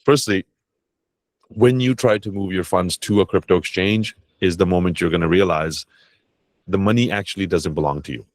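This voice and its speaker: A man with a very deep voice talks bluntly and casually through an online masterclass. He swears offhandedly and slips into quick voices for the people he describes. The sound is dry and close, with no room around it. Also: no room sound. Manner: blunt, swears casually, acts out bank staff in quick asides. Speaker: crypto tax educator.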